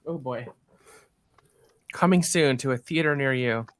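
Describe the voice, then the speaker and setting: A man's voice: medium pitch, measured pace, dry recording. A man hosting a casual movie watch-along, chatting with enthusiasm. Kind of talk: casual chat.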